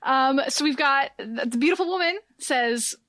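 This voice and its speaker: A woman chatting casually on a podcast, playful and quick to laugh at herself. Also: sits high, fairly bright tone, dry recording, studio quality. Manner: playful, laughing, self-teasing. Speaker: guest on podcast.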